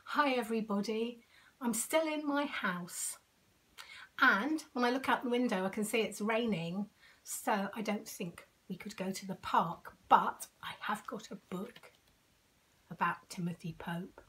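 A woman's voice: medium pitch, measured pace, a bit bright. An older woman at home reading a picture book aloud to children, sing-song with dramatic whispers. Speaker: storyteller.

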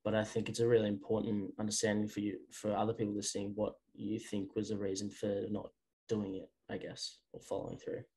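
A man hosting a podcast, asking a question carefully and gently with some restarts. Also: on the low side, monotone, fairly quick, vocal fry, low-quality recording. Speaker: podcast host. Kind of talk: interview question.

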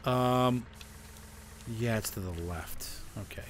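A man in the middle of his range talks through a farming game in a relaxed, running commentary. He chats easily and grumbles at glitches as he goes. A faint background hiss sits under his voice. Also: mid-range voice, slow. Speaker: gaming video host. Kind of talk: casual gameplay commentary.

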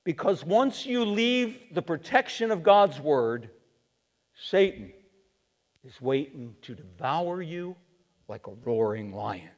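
A male pastor preaching a sermon in a church, animated and acting out the quotes he reads. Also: a little high, takes it slowly. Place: church sanctuary. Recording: long reverb of a church sanctuary.

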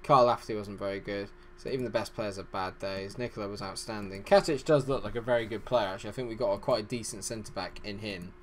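A man's voice: on the low side, fast, hardly any pauses, a little hiss or hum. A man hosting a gaming channel, giving rambling, self-deprecating let's-play commentary.

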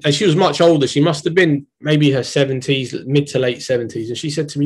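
Reflective London poet reading aloud. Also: male voice, medium pitch, breathy edge, rough recording. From Britain. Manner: measured, reflective, hesitant asides. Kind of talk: poetry reading with spoken asides.

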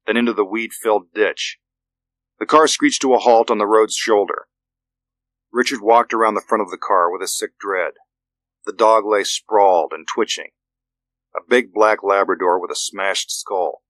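Low-voiced male audiobook narrator. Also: fairly bright tone, no room sound.

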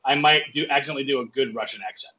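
A male podcast guest on a video call, telling animated stories in casual chat and swearing freely. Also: mid-range voice, rapid-fire, crowd noise, low-quality recording.

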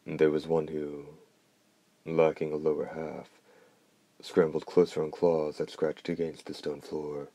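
A man narrating a dark fantasy novel in a measured, grave audiobook reading. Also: extremely low pitch, completely flat delivery, no echo.

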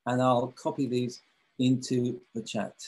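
A man hosts a live online webinar by video call, enthusiastic yet speaking in a monotone. His medium-pitched voice is unhurried, a little mellow, and breathy at the edges, and he uses many fillers and restarts.

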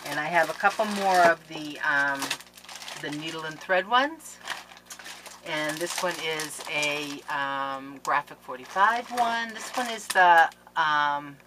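A woman hosting a crafting channel, chatting casually to viewers in a gushing, excitable way as she opens mail at home. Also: low voice, slow. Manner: excitable and gushing, with gasps and laughs. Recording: noisy background with clicks.

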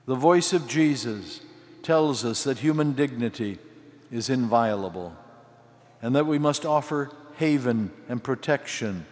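Slow-preaching older man in cathedral reverb. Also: medium pitch, animated, a little mellow. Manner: slow, measured delivery in short phrases. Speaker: archbishop preaching. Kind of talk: sermon. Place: large cathedral.

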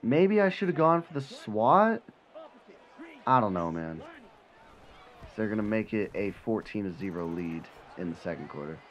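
Gameplay streamer, male, lowish voice, dips to mutters then bursts into loud excitement, dull lo-fi mic. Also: moderate pace, long pauses. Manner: swings from low mutter to excited yelling, swears when frustrated. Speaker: gaming channel host. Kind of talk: live gameplay commentary.

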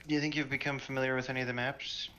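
A man's voice: medium pitch, little pitch movement, rapid-fire. A man chatting casually with his sister while playing a shooter game, giggling often. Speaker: gaming partner, host's brother. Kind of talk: casual gameplay chat. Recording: noisy background with clicks.

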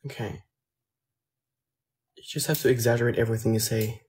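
A man with a French accent, a native French speaker, chatting casually on a phone livestream and answering viewer comments in a soft, hesitant way that often trails off. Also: mid-range voice, steady tone, a little fast. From France.

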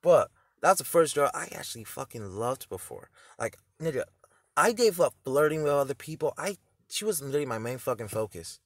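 Loud, lively teenage boy. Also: medium pitch, brisk, no echo, clean studio sound. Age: teens. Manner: loud, profane, laughing often. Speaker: YouTuber reacting to a video. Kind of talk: reaction commentary.

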